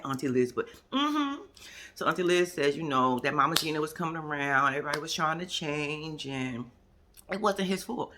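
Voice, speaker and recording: A woman's voice: fairly low pitch, fairly bright tone, a little hiss or hum. A woman giving a casual, sassy spoken recap of a reality TV episode as a vlogger. She acts out what other people said and drops into whispered asides.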